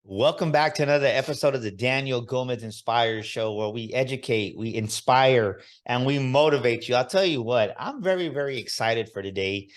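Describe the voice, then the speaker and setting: An upbeat man hosting an interview podcast, sounding excited and motivational. His voice sits in a middle pitch. He drops in bits of Spanish now and then. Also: fairly quick, hardly any pauses, soft background music. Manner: enthusiastic, motivational, mixes in Spanish. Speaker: podcast host.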